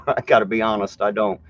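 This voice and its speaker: A man's voice: lowish voice, fairly even intonation, moderate pace, dry recording, muffled recording. Blunt man with a slight southern Ohio drawl. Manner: blunt, joking, laughs often. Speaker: host. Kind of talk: casual live-stream chat.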